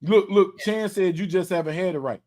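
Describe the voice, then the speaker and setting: A man, hosting a casual podcast and telling an animated story, repeating words and swearing as he acts out quotes. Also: high-pitched, a little fast. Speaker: podcast host.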